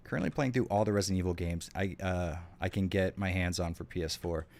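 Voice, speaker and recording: A fast-talking man with a deep, slightly mellow voice plays a game and chats with his stream viewers. He rambles, swears liberally, and responds to chat as keys clatter behind him.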